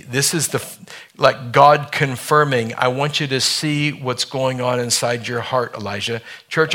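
A man preaching a sermon to his church, reading scripture aloud and slowing down for dramatic effect. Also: medium pitch, sharp tone. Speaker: pastor.

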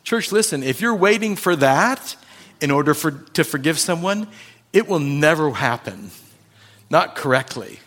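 A man's voice: on the high side, lively intonation, measured pace, a bit bright. A male pastor preaching a sermon, talking conversationally and addressing the congregation directly with personal stories.

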